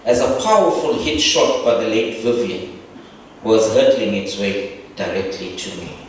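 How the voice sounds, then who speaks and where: At a reunion, a middle-aged man offers a reflective tribute laced with warm humor. His low-leaning voice swings widely in pitch at a measured pace, and the distant recording of the big echoey hall carries faint ambience and a little hiss or hum.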